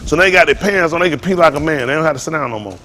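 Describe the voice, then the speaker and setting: A man preaching to a congregation in a joking, storytelling way, laughing and shouting often. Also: fairly high pitch, animated, racing, slight background noise. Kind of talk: comic sermon talk to a congregation.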